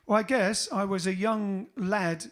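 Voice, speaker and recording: A man's voice: high-pitched, unhurried, fairly bright tone. A man with a Cockney-Essex accent, hosting a casual livestream chat as a band frontman, rambling with many fillers. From England.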